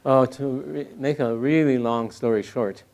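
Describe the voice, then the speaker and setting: An older man speaking as a poet and critic in an interview, reflective and halting, with frequent restarts and soft laughs. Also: medium pitch, fairly even intonation.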